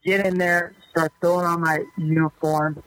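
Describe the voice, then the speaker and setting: Higher-voiced man telling ballplayer stories. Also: normal speed, no echo, rough recording. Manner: loose, animated storyteller with lots of fillers. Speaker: guest, former pro baseball player. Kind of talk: casual podcast storytelling.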